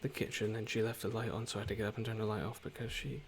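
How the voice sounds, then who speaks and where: A man with a lowish, steady, gravelly voice streams a story game, talking very fast. He chats casually and rambles as he reads the dialogue aloud, often trailing off. Background noise is audible.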